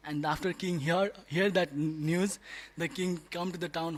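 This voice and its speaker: A man speaking at a devotee class, telling a story with animated delivery and frequent laughter. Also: on the high side, moderate pace. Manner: laughs often, animated, restarts words. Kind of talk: storytelling talk. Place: temple class room.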